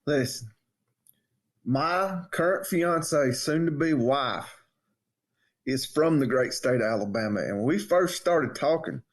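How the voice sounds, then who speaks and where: A man's voice: medium pitch, lively intonation, a little slow. A man, a podcast co-host and coach, trading jokes and stories in easygoing banter. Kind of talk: casual storytelling chat.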